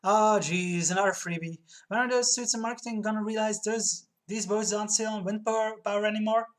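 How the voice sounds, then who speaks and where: A woman's voice: lowish voice, quick pace, lightly acted. A woman voicing a sarcastic, grumbling male ship purser. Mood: grumpy.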